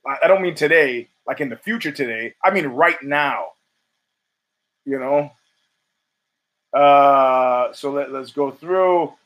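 A man's voice: mid-range voice, slow, pauses often, fairly bright tone. A man hosting his own show, giving rambling, profane solo commentary full of restarts and fillers. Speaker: podcast host.

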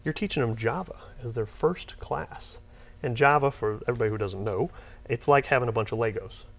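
A middle-aged man, chatting as an interview guest about his business. He rambles through long anecdotes, and his voice rises and gets heated as he retells his frustrations, with an ordinary mid-range pitch. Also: brisk. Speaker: interview guest, software company owner. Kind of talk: casual storytelling interview.

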